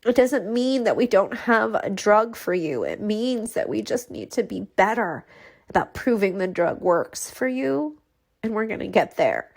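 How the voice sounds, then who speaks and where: A woman's voice: medium pitch, big pitch swings, measured pace, vocal fry. A woman in her forties, a neurologist being interviewed, speaking in an earnest, heartfelt way. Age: 40s. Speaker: neurologist guest. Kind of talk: interview conversation.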